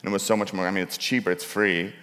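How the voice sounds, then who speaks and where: A man's voice: low-pitched, steady tone, rapid-fire, a bit bright. A man, a documentary filmmaker, explaining his work on a conference panel in loose, restarting sentences. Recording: long hall reverb.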